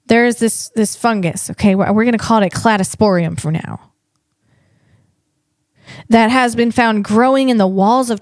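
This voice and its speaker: A woman's voice: on the high side, no echo, clean studio sound. A woman comedian hosting a solo podcast, reading facts and riffing playfully, stumbling on hard words.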